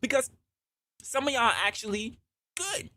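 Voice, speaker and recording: A man hosting a comedy opinion podcast, talking in a loud, profane, animated way and acting out scenes. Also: very high voice, moderate pace, no echo, studio quality. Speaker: podcast host.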